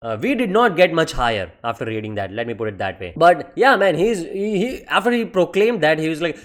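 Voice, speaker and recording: A man rants through a casual manga review in a slightly high voice, excitable and full of swearing. He says "man" at the end of almost every sentence and mocks characters in quick put-on voices.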